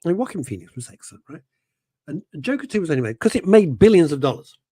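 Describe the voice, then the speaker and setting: A middle-aged man hosts a chatty radio show, his voice swooping up and down as he rambles and trips over his own sentences. His tone is a touch husky, and the sound is dry and close. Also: on the high side, fast, no room sound. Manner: animated, rambling, self-interrupting. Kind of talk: casual radio chat reading listener messages.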